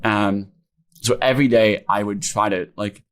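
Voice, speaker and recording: A young man with a lowish voice tells his founder story in a podcast interview. He speaks candidly and loosely, with plenty of "like" and "um". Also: steady tone, measured pace. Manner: informal, many fillers like "like" and "um", emotional retelling. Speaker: founder guest.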